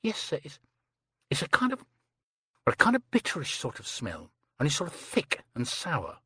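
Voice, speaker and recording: A man's voice: on the high side, wildly swooping pitch, normal speed, sharp tone, husky, no room sound, clean studio sound, exaggerated voice. A man voicing a prim gossipy young housemaid. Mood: earnest. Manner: breathless run-on chatter, many "sir"s. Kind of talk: audiobook character reading.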